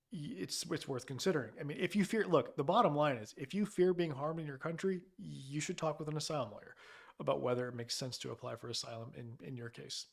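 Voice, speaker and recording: A man at a middle pitch, talking through legal questions on a live stream. His speech is loose and conversational, full of fillers and quick restarts as he reads out viewer comments. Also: vocal fry. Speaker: asylum lawyer hosting a live Q&A. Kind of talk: casual live-stream advice.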